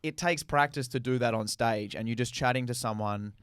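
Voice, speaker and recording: A man's voice: medium pitch, brisk, a bit bright, clean tone, dry recording, studio quality. A man with an Australian accent, a stand-up comedian and podcast guest. He chats casually, swears freely and acts out his exchanges with the crowd.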